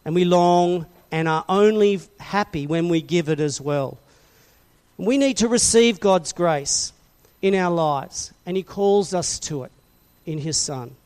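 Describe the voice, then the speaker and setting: A man preaching a sermon to a congregation, passionate and questioning, swinging from loud emphasis to soft, quiet lines. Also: high-pitched, measured pace, clear, resonant tone. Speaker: pastor.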